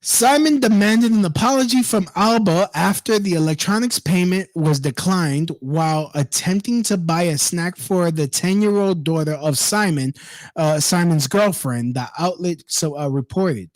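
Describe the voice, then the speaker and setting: A high-voiced man, an online commentator speaking at normal speed, works through a news story while ranting profanely and indignantly, pausing to mock its subjects. No room sound is audible.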